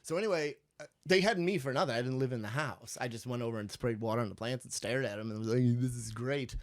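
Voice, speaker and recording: A man from Chicago telling a long, rambling story on a podcast, animated and swearing freely as he laughs along. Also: mid-range voice, quick pace.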